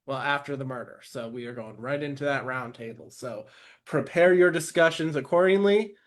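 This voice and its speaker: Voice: mid-range voice, moderate pace. A game host running an online vote in a casual, loose way with plenty of filler words.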